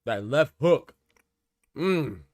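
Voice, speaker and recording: A man hosting live boxing commentary, excitable and slangy, shouting out big moments and talking casually to his viewers. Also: mid-range voice, drawn-out words, no room sound, studio quality. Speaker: boxing commentator and channel host.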